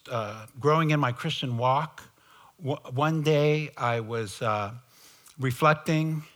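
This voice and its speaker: Slow, halting man sharing a testimony. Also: medium pitch, fairly bright tone. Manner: slow, halting storytelling with many fillers. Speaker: preacher giving testimony. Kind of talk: sermon testimony.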